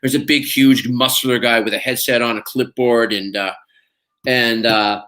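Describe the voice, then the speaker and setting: A middle-aged man with a Scottish accent recounts stories from his career at an ordinary pitch. He is animated and chatty, jumping into other people's voices as he goes. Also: moderate pace. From Scotland. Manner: animated storyteller, acts out voices in quotes. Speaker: actor guest. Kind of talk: anecdotal interview storytelling.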